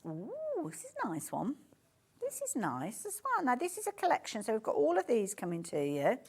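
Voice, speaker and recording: A woman's voice: a little high, wildly swooping pitch, normal speed, darkish tone, breathy edge. A woman with a Birmingham accent presenting on a live shopping channel, chatty and gushing, often breaking off mid-sentence. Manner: chatty, gushing, self-interrupting. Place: TV studio.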